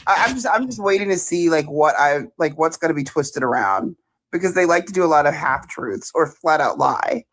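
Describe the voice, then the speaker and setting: A woman's voice: low-pitched, brisk. A woman hosting a casual live stream, laughing often and poking fun at herself. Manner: laughing, animated, self-deprecating.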